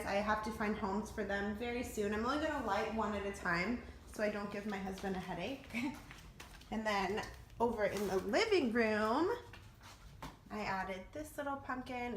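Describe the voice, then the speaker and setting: A woman's voice: medium pitch, normal speed, echoey room, slight background noise. A young woman in a casual home vlog, chatty and upbeat, talking straight to her viewers as she walks between rooms with a handheld camera. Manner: chatty and upbeat, often says "you guys". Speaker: vlogger.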